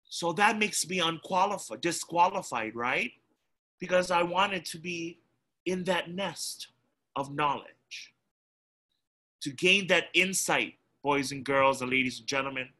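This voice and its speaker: A young man from Hawaii giving an animated, storytelling talk to children as a guest speaker over a video call. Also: fairly high pitch. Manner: animated storyteller, acts out his younger self.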